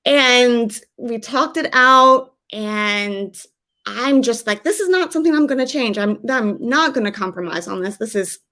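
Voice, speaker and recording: A young woman from the US recounts a personal story in a conversational way, with a slightly higher voice. She slips into the voices of the people she quotes as the story moves along. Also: a bit bright. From USA. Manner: conversational, acts out quoted dialogue with shifts in pitch. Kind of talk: first-person live storytelling.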